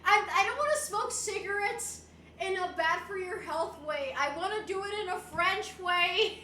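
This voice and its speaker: Young woman streamer, playful and giggly, very high and bright, roomy echo. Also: normal speed, slight background noise. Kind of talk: casual livestream chat, reading viewer messages.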